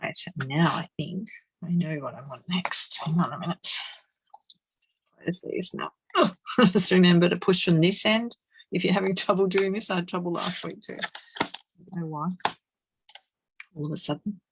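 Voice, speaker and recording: A woman's voice: lowish voice, moderate pace, long pauses, slightly rough, dry recording, poor audio. A woman doing a live card-making demonstration, chatting and laughing as she works and murmuring to herself. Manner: chatty, giggly, murmurs to herself while working.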